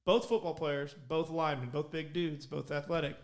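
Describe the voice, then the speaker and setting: Male podcast co-host, high voice, loose joking storyteller. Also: steady tone, moderate pace. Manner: laughs often, acts out quoted lines. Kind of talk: casual storytelling chat.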